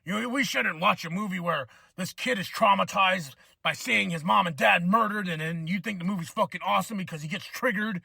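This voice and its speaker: Guy in his 30s ranting on his podcast, high bright voice, cusses a lot, dry close mic. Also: brisk, vocal fry, hardly any pauses, slightly rough, no echo. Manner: animated, swearing, acts out quoted voices. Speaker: podcast host. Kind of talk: casual rant.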